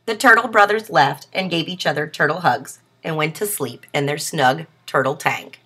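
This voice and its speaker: Female storyteller for a kids' picture book: expressive read-aloud, bright and airy. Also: low voice, normal speed, breathy edge. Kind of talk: reading a children's story aloud.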